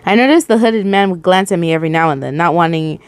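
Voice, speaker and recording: A woman's voice: lowish voice, fast talker, clear, resonant tone, dry recording. A woman reads a first-person fan story aloud in a casual, emotional way and often laughs at herself. The voice is recorded close and dry, with no room sound. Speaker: reader of fan fiction. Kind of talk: reading a story aloud with reactions.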